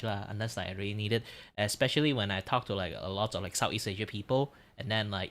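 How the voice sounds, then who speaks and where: Low-voiced relaxed man streaming. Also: fairly quick. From Malaysia. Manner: relaxed, rambling and explanatory. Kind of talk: casual live-stream chat while drawing.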